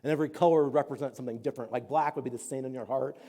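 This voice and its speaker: Fast-talking pastor in a big hall. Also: male voice, medium pitch, steady tone, warm tone. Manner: earnest, rambling storytelling with many fillers. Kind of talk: storytelling sermon. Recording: long hall reverb.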